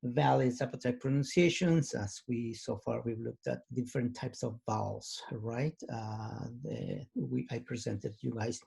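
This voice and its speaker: A man teaching an online language lesson, talking patiently and haltingly with many pauses and fillers. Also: medium pitch, creaky, warm tone, husky.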